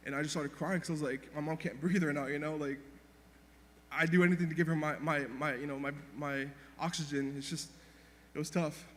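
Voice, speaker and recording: Fast-talking grieving young man in a hall. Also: on the high side, steady tone, fairly bright tone. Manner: rambling, halting, with many restarts and fillers. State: emotional, grieving. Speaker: grandson giving a eulogy. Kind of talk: unscripted memorial speech. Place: church hall. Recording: reverberant hall, faint background hum.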